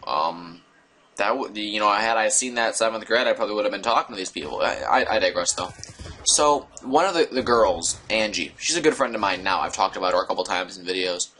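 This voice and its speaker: Young male vlogger, lowish bright voice, rambling storyteller. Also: fairly quick, slight background noise. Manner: rambling, digressive, animated delivery. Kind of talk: casual storytelling to camera.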